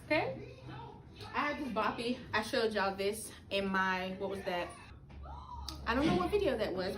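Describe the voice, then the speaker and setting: A woman vlogging at home as a new mother, gushing and animated, talking loudly and drifting into baby talk. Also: fairly high pitch. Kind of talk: casual home vlog.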